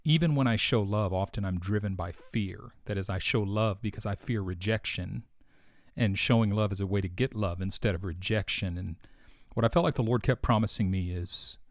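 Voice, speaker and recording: A man in his forties giving an earnest, thoughtful devotional reflection, unhurried and personal. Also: lowish voice, no room sound, studio quality.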